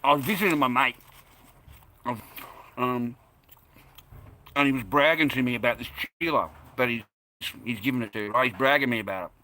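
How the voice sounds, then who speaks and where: Man, Australian accent, casual chat to camera, rambling, bright voice. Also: medium pitch, moderate pace, pauses often, slight background noise. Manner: rambling, chatty, laughs easily.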